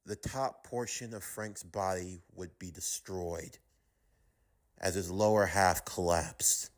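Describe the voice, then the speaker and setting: A man narrating a fan-made audio drama with steady storytelling. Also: deep voice, takes it slowly.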